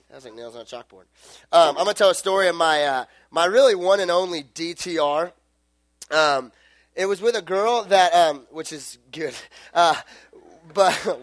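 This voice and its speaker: A man's voice: on the high side, fairly bright tone, no room sound. A young man preaching in a casual, rambling storytelling way, full of fillers and self-corrections.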